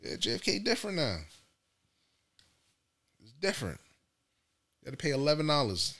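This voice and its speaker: A man's voice: fairly high pitch, normal speed. A man on a casual podcast, telling a story and acting out the voices in it. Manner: animated storyteller acting out quotes in raised voices. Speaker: podcast co-host.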